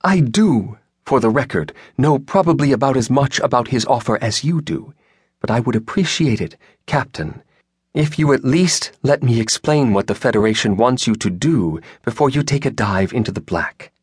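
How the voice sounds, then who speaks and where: Recorded dry and close with no ambience, a man's husky portrayal of a commanding admiral sits above his usual low range. His tone stays measured, sorry-sounding yet unbending.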